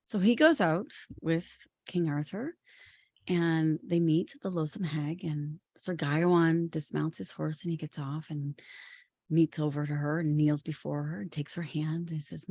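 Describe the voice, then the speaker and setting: A woman podcast co-host retelling a legend in a lively, chatty way. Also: low voice, measured pace. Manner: lively, chatty, many "you know"s. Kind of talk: casual storytelling.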